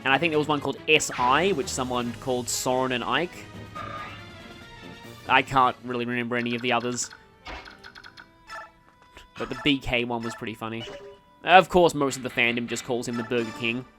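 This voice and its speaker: A man's voice: mid-range voice, fairly even intonation, normal speed, long pauses, sharp tone, soft background music. A man with an Australian accent giving casual, rambling commentary over a game playthrough, often wandering off on tangents and correcting himself mid-sentence. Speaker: let's play commentator.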